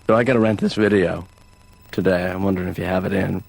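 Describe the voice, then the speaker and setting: A man voicing an easygoing adult son in a cartoon, talking in a dry, deadpan mumble. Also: deep voice, fast talker, gravelly. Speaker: son of the therapist. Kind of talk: improvised cartoon dialogue.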